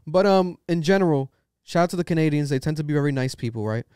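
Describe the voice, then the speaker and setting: A man's voice: on the high side, expressive, fast, darkish tone, smooth, dry recording, clean studio sound. A young man hosting a casual podcast, ranting with strong opinions and plenty of swearing. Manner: opinionated, profane, rambling rants. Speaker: podcast host.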